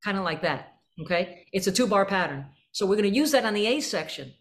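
A woman's voice: medium pitch, animated, brisk, noisy background. A woman leading a band rehearsal, explaining articulations through vivid images and singing syllables to demonstrate. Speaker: band clinician. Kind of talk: rehearsal instruction to a student band.

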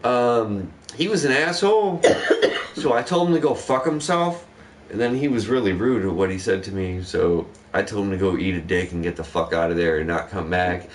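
Young guy, low-ish voice, swears nonstop, animated storyteller, kinda distant mic. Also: moderate pace, a little hiss or hum. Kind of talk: casual storytelling chat.

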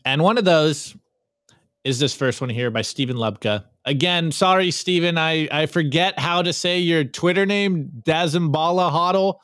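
A man hosting a podcast, reviewing memes in casual, energetic chat and often repeating words as he starts sentences. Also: fairly high pitch, normal speed, no echo, clean studio sound. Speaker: podcast host.

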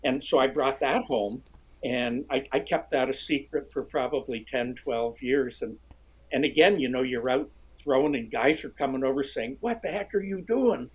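A middle-aged man with a husky voice, telling a lively story as an interview guest, often restarting his sentences. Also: normal speed, poor audio. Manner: animated storyteller, restarts often, jumps high when quoting others. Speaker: guest, fishing writer. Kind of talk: storytelling conversation.

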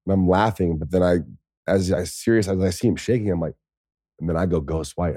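An American man in his thirties, a podcast guest, telling stories in a casual, lively way, swearing now and then. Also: low-pitched, brisk, no echo, studio quality. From United States. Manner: lively, swears, acts out quoted speech. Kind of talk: casual storytelling.

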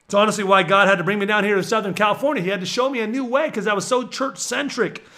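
A man preaching with excitable energy, swinging from low murmurs to shouted exhortations. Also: fast.

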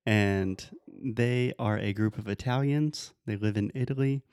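Relaxed woman telling travel stories. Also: rumbling low, a little slow, dry recording, studio quality. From Brazil. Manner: relaxed storytelling, explains terms. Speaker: podcast co-host. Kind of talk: casual chat.

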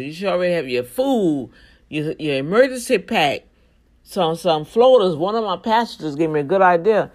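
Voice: medium pitch, expressive, moderate pace. A vlogger talking casually to regular viewers, emphatic and preachy, with prayerful asides. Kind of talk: casual monologue with urgent warnings.

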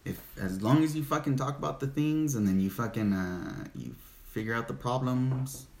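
A man's voice: mid-range voice, moderate pace, a little mellow. A young man co-hosting a podcast, talking casually and rambling, swearing often. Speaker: podcast co-host. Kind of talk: casual chat. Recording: roomy with faint noise.

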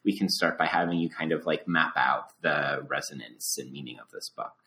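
A man's voice: a bass voice, normal speed, pushed and bright. A man co-hosting a casual academic podcast, playful and teasing as he steers the conversation. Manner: playful, teasing, leads the talk. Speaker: podcast co-host.

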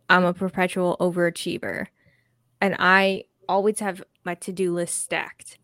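A woman's voice: fairly low pitch, unhurried, no room sound, studio quality. A woman co-hosting a podcast, chatting candidly and laughing as she tells stories. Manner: candid, laughs often, animated storytelling. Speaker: podcast co-host. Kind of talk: casual chat.

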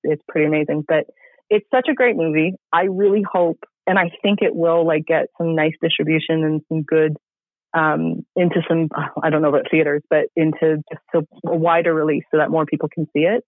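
A man's voice: a little high, fairly even intonation, brisk, dry recording. A man reviewing a film in casual podcast chat, enthusiastic and rambling with many fillers. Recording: tinny phone-like line.

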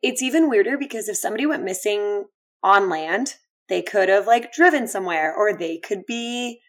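A woman's voice: medium pitch, lively intonation, moderate pace. Woman podcast co-host, curious, drops wry asides in casual chat. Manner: reacts with questions and wry asides.

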